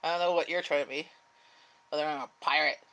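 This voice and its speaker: Low-voiced easygoing woman host. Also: steady tone, fast, low-quality recording. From Canada. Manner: easygoing, gently giving directions. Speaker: host of a livestream chat. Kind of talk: casual chat.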